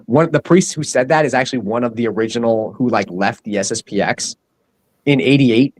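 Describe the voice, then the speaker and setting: A man's voice: mid-range voice, fairly quick, poor audio. A man co-hosting a casual podcast, rambling with many fillers and frequent laughs. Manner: rambling, lots of "like" and "you know", laughs often. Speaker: podcast co-host, doctor.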